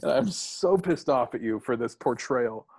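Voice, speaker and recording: A man co-hosting a podcast, a gravelly-voiced talker who chats casually and teases his friend in joking banter. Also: mid-range voice, expressive, normal speed, darkish tone. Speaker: podcast co-host. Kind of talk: casual chat.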